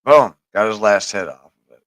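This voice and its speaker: A man's voice: lowish voice, moderate pace, fairly bright tone, no echo, low-quality recording. A man hosting a podcast, telling a long, profane story in a rambling, casual way. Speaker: podcast host.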